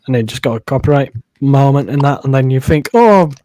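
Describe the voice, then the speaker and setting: A man and live streamer chatting casually, rambling with many fillers and pauses. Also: medium pitch, steady tone, dark tone, no echo. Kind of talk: casual chat.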